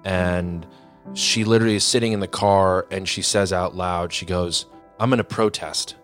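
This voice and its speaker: A man's voice: sits low, flat delivery, moderate pace, fairly bright tone, faint music behind. A man recalling events in a casual interview, loose and blunt, with a rambling flow. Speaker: interviewee, ex-boyfriend.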